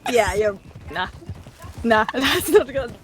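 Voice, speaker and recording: A woman's voice: fairly high pitch, lively intonation, a little slow, a little hiss or hum. A woman with a Polish accent, a native Polish speaker, chatting playfully in character during a roleplay game. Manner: playful, joking threats. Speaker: roleplay player.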